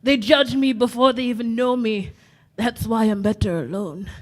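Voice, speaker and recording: A woman's voice: fairly high pitch, steady tone, normal speed, close to an everyday voice. A woman voicing a grumpy big male ogre, reading a film monologue on a convention stage. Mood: gruff, defensive. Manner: put-on accent. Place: convention stage before a live audience.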